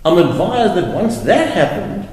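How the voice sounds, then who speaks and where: A man's voice: high voice, big pitch swings, darkish tone. Emphatic male advocate in an echoey courtroom. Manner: deliberate, emphatic, repeats words for stress. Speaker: advocate arguing an appeal. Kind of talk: formal courtroom argument. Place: large courtroom. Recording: very echoey courtroom with long reverb.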